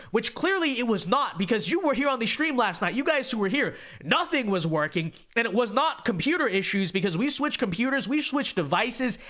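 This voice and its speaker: Male live-stream host, a bit stuffed up, high and bright, sarcastic, talks to chat. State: congested.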